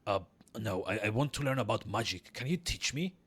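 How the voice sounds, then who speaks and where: A man voicing a scarred male wanderer hero, giving low, hesitant replies in game dialogue. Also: expressive, fairly quick, a bit bright, breathy edge. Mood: subdued.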